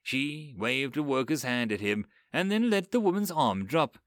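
A man narrating a dark fantasy story with an expressive, dramatic delivery. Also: mid-range voice, normal speed, dry recording, clean studio sound.

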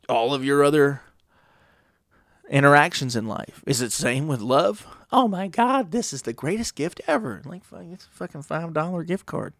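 A gravelly-voiced man holds forth in a loose, rambling monologue. He swears freely and keeps firing rhetorical questions at the listener. The sound is close and dry, with no room echo. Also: medium pitch. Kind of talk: casual monologue.

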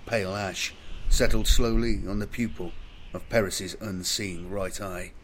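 A man giving measured, dramatic scripted audiobook narration. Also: deep voice, fairly even intonation, fairly bright tone, slight background noise.

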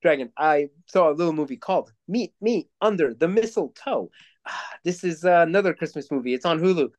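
A man's voice: on the high side, fairly quick. A young man co-hosting a podcast, rambling through movie reviews in casual chat with plenty of swearing. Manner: rambling, profane, animated storytelling. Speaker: podcast co-host.

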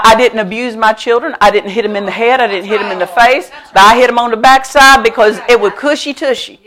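A middle-aged woman pastor preaching a sermon at a church service. She tells stories with lively emphasis, laughs often, and repeats her key phrases. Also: on the high side. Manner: animated storytelling with frequent laughter.

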